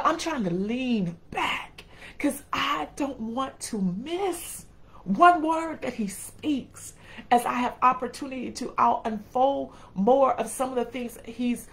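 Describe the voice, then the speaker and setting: A woman's voice: on the high side, rough recording. A middle-aged woman preaching a sermon in a folksy way, speaking straight to the congregation and acting out quotes. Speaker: preacher and educator.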